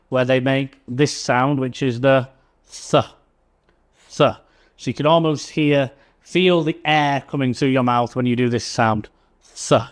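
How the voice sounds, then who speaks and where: A man teaching English pronunciation, slowly repeating example words with clear emphasis. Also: mid-range voice. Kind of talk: slow, careful pronunciation lesson.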